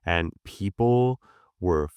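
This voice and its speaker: Brief: man, very low smooth voice, chatty guest, dry close sound. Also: drawn-out words, dry recording. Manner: relaxed, chatty, storytelling with asides. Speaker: guest on a business podcast. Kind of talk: casual conversation.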